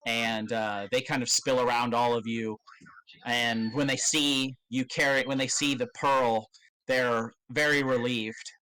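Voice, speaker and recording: A man narrating as game master of a tabletop game, in a loose, halting way with many fillers and casual swearing. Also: mid-range voice, fairly even intonation, bright, forceful tone, smooth, rough recording.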